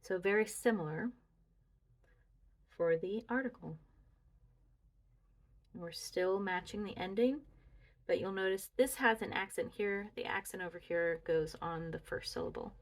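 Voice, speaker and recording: A woman slowly talking through a grammar review lesson, musing aloud as she walks through her slides. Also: mid-range voice. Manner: deliberate, talks through slides, muses aloud. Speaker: student reviewing Greek grammar.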